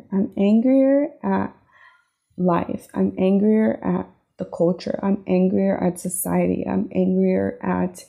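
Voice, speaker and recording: Warm, gravelly-voiced woman podcaster. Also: mid-range voice. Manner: earnest, heartfelt, frequent "right?" and "like". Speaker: podcast host. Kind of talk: reflective personal podcast monologue.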